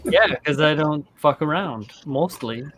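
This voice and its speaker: A man's voice: a little high, lively intonation, unhurried, heavy background noise. A man hosting a casual podcast chat, laid-back and joking, who swears freely. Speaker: host.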